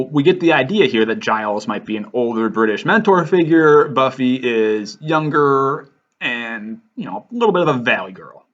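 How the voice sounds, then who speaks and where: A man's voice: medium pitch, lively intonation, moderate pace, fairly bright tone, lo-fi sound. A man hosting a writing lesson over slides, casual and self-deprecating. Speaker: writing teacher and host.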